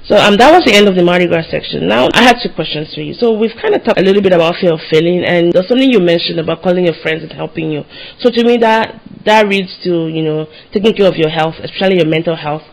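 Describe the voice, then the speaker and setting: A man's voice: high-pitched, creaky, low-quality recording. A man hosting a podcast interview, chatty and encouraging, who came to the US as an international student. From grew up abroad, former international student in the US. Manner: chatty and encouraging, quick asides. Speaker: podcast host. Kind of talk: casual interview chat.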